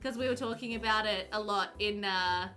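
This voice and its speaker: A woman's voice: medium pitch, moderate pace. Chatty young woman streamer, faint music. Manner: chatty, warm, giggly, reads chat aloud. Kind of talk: casual chat with live chat while gaming.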